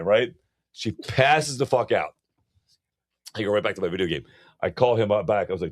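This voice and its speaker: A man in casual podcast chat, telling a crude story with a lively voice that swings high and low. He acts out quoted lines in a raised voice and swears freely. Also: moderate pace, pauses often, no echo, studio quality. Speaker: podcast co-host.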